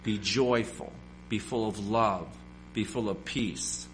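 A man's voice: lowish voice, fairly even intonation, slow, slight background noise. A man preaching a sermon, emphatic and repetitive, firing off rhetorical questions.

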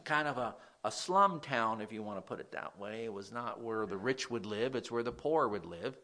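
A man's voice: lowish voice, moderate pace. A man preaching a sermon in a conversational way, often putting questions to his listeners. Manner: animated, conversational, asks the audience questions.

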